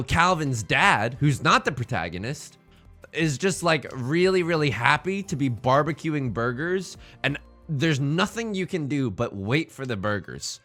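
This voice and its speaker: A man's voice: mid-range voice, pushed and bright. A man hosting a gaming video, chatting casually with joking, rambling asides, his voice a bit strained. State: voice strained from singing. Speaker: let's play host.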